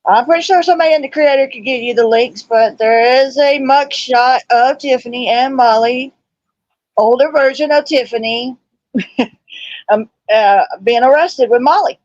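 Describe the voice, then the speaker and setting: A woman's voice: sits high, normal speed, darkish tone, no room sound, muffled recording. A woman guest on a stream, chatting casually and bluntly, cutting in to add her point. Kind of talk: casual chat.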